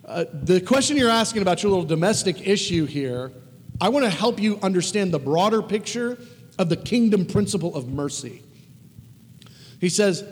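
A man preaching a conversational sermon, emphatic and animated, with casual asides. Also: high voice, normal speed, slightly rough. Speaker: pastor. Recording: long reverb of a large hall.

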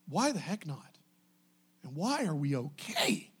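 Young male pastor, fired-up sermon delivery, high voice with big lively swings. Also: unhurried, husky. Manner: impassioned, exhorting, swings from soft to shouting.

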